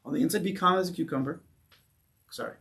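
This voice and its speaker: Male rabbi, slightly high voice, lively teaching style, acts out stories. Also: fast talker. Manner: animated, acts out stories, rhetorical questions. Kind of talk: conversational Torah class.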